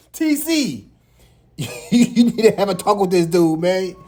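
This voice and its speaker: A man with a small, high voice hosting a reaction video, teasing and laughing as he comments. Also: very animated, takes it slowly, dark tone. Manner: high light voice.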